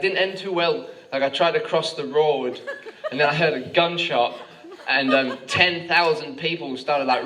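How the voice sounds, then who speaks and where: A young Australian man doing a rambling stand-up comedy set, full of filler words, with bursts of frantic ranting. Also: a little high. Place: comedy club stage with laughing audience. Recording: noisy live club recording from a distance.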